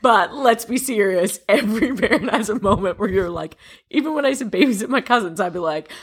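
A woman's voice: mid-range voice, animated, a little fast, husky. A woman hosting a podcast, chatting casually and laughing often in a playful way. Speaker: podcast host. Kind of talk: casual chat.

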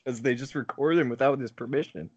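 A man's voice: mid-range voice, fast talker, husky, dry recording, highs cut off. A man co-hosting a podcast, chatting casually and teasing his friends with lots of fillers. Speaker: podcast co-host. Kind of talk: casual chat.

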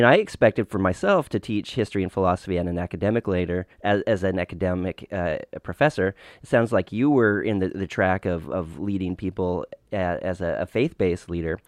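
A middle-aged man with a low voice leads a casual interview and asks considered, measured questions. His voice sits close and dry, without room echo.

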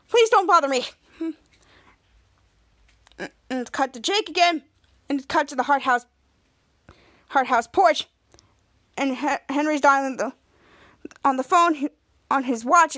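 A woman's voice: sits high, normal speed, long pauses, fairly bright tone. A woman podcast host recapping a TV episode in a rambling way, repeating herself and restarting often.

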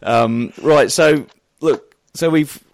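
A man's voice: on the high side, slow pace, gravelly. A man with a mild New Zealand accent hosts a casual podcast chat. He rambles loosely, and his talk is full of fillers and restarts. The sound is dry and close, with no room echo. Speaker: podcast host.

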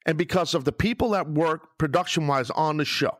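A man's voice: fairly high pitch, fairly quick, no room sound, studio quality. A man hosting his own podcast alone, ranting with heavy swearing and sarcasm. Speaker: podcast host. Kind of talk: solo podcast rant.

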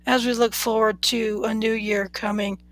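A podcast host reading a romance story aloud in an unhurried, even way, with small slips now and then. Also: mid-range voice, low-quality recording. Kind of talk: plain read-aloud narration.

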